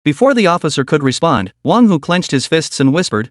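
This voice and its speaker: A man narrating a dramatic comic story in a scripted, expressive style. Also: a little high, brisk, hardly any pauses, no room sound, studio quality.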